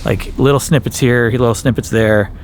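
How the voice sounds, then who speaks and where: A man from Wisconsin, his voice pitched in the middle for a man, chats to camera outdoors in a backyard. He rambles, restarts his sentences and often leaps up in pitch for playful emphasis. Faint traffic and outdoor ambience sit behind him. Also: steady tone, normal speed. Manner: rambling, self-correcting, playful, with big jumps up in pitch. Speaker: YouTuber. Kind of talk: casual vlog chat.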